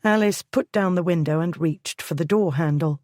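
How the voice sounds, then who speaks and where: A woman narrating a historical romance audiobook in a steady, measured reading. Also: fairly low pitch, no echo, studio quality. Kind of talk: scripted narration.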